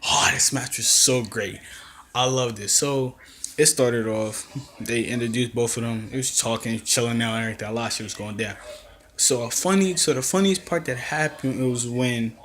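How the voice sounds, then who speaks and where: A young man casually recapping a wrestling event, telling it in an animated way and acting out quotes. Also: mid-range voice, moderate pace, a little hiss or hum. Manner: animated storytelling with acted-out quotes and laughs. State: coughing, throat acting up. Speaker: wrestling reviewer.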